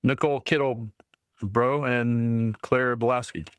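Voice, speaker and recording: A man's voice: medium pitch, fairly even intonation, takes it slowly, clean tone, no echo. A man chairing a public meeting who briefly calls the next speakers by name. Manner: brief, matter-of-fact announcing. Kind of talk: calling names at a public meeting.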